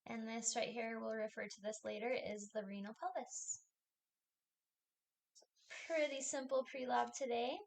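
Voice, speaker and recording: A woman's voice: a little high, fairly even intonation, unhurried, creaky, long pauses. A woman instructor giving a recorded lecture, talking through a diagram step by step in a plain, explanatory way.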